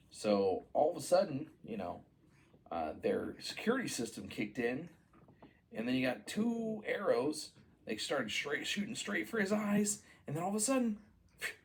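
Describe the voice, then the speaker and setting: A man rambling through an improvised children's story, full of "you know" and "uh". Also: mid-range voice.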